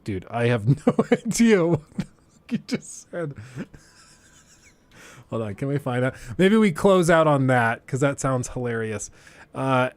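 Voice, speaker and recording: A man's voice: mid-range voice, dry recording. A man chatting casually on a live stream, rambling loosely and slipping into impressions of others.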